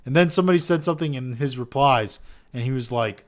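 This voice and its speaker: A man's voice: medium pitch, fast. A man hosting a casual podcast, reading out online posts and ranting about them with heavy profanity and exasperation. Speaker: podcast host.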